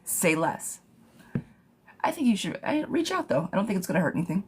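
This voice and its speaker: A woman's voice: mid-range voice, big pitch swings, brisk, slight background noise. Chatty woman giving live tarot readings. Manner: chatty, reads viewer questions aloud and thanks them warmly. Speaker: tarot reader.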